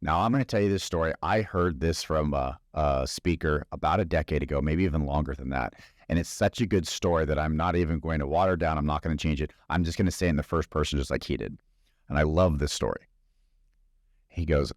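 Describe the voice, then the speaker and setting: A man's voice: extremely low pitch, fairly quick, dry recording, clean studio sound. A man hosting a podcast, giving a conversational motivational business talk full of stories and rhetorical questions. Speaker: podcast host.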